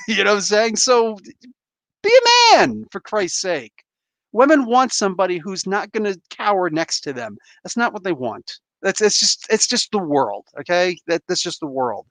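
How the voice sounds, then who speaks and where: Animated man in his forties ranting. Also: sits high, no echo. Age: 40s. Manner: animated, emphatic, acts out voices. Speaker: comic book show host. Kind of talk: opinionated live-stream monologue.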